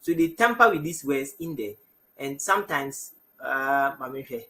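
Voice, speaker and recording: Speaking at medium pitch, a man with a Ghanaian English accent gives Bible teaching on television from a studio. His tone is bright, animated and forceful as he reads out verses, though he halts frequently to fix his own words.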